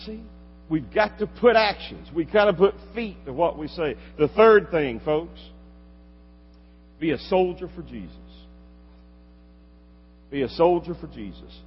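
A pastor delivering a sermon, swinging from loud exhortation to quiet asides. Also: male voice, on the high side, animated, measured pace, pauses often. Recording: dull lo-fi recording with long hall reverb and faint hum.

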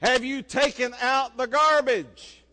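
A stern mother calls out sharply to her son in a high, shrill voice, put on by a man. It has the bite of a scolding parent. The voice rings with the long echo of a church hall. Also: fairly even intonation, takes it slowly, sharp tone, exaggerated voice.

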